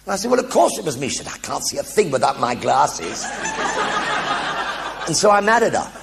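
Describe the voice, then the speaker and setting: A man's voice: a little high, fairly quick, creaky, heavy background noise. An older man telling comic anecdotes in a one-man stage show, acting out the voices in his stories. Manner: animated anecdotes with acted-out voices. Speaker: raconteur. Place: theatre stage with audience.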